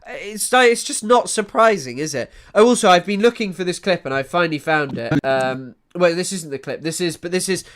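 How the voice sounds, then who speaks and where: A young man doing casual live-stream commentary, animated and sweary, often trailing off into mumbles. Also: high-pitched, moderate pace, hardly any pauses. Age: young adult. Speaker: streamer reacting to news clips.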